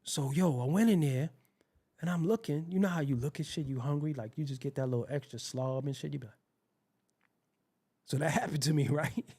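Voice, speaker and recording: A man hosting his own show, telling a rambling, profane story in a casual, animated way. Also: on the high side, a little fast, slightly rough. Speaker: host.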